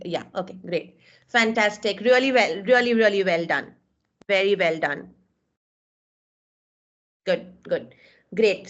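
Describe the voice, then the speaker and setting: Indian English woman instructor, slow-spoken, fairly high, dull video-call audio; encouraging. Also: a bit bright. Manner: encouraging, effusive praise, calls out names. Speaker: webinar instructor. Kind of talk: live online class, reviewing student work.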